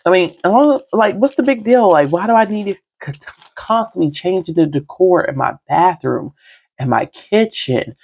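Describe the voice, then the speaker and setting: Chatty woman with a gravelly edge. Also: fairly low pitch, lively intonation, moderate pace, darkish tone, highs cut off. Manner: chatty, self-teasing, talks straight to viewers. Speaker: budget vlogger. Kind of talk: casual chat while counting cash.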